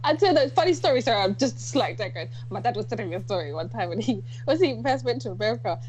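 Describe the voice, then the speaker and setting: A woman chats casually on a podcast. She laughs through her stories, and her voice swings up and down while sitting fairly high. A faint hum runs underneath. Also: animated, fast talker, a little mellow. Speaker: podcast co-host. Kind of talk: casual chat.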